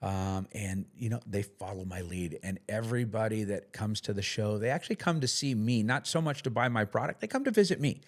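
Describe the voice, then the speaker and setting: A man's voice: fairly low pitch, animated, fairly quick, few pauses. A middle-aged man talking casually as a podcast guest, plain-spoken, with lots of fillers and restarts. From United States. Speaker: podcast guest, business owner. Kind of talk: casual interview talk.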